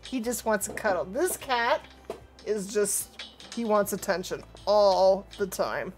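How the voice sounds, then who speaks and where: A woman's voice: mid-range voice, animated, takes it slowly, darkish tone, soft background music. A woman chatting casually with her viewers while streaming a game from home, talking to her cat and laughing easily. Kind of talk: casual live-stream chat over gameplay.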